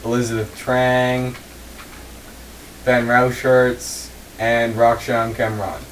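A man's voice: medium pitch, takes it slowly, far from the mic, poor audio. A man calls the starting grid and the laps of an online sim race in casual commentary, trading jokes with his friends. He sits back from the mic, with a faint hum of room noise behind him. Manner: reads grid lines in a steady list, joking banter.

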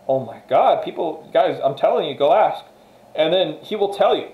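A man's voice: a little high, moderate pace, muffled recording. A man giving a casual motivational monologue straight to viewers, emphatic and repetitive, swearing freely. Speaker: motivational vlogger. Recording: echoey room.

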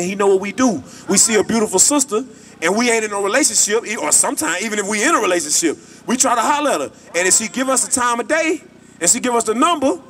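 A man's voice: high-pitched, fairly bright tone. A man preaching on an outdoor street, emphatic and repetitive in a colloquial way. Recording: distant mic, traffic noise.

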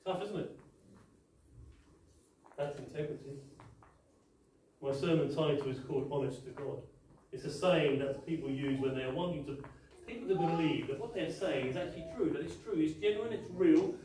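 A man's voice: a little high, normal speed, long pauses, warm tone. A man preaching a sermon, emphatic, with repeated rhetorical questions, in a large church hall. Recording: very echoey hall, mic far off.

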